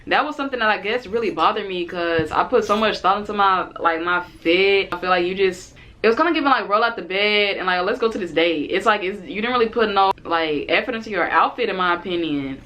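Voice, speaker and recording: Young woman in her twenties, casual vlog storytelling, animated, acts out quotes, mid-pitched voice. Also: fairly quick, hardly any pauses. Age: 20s. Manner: animated, acts out both sides of the date in quotes. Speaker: vlogger.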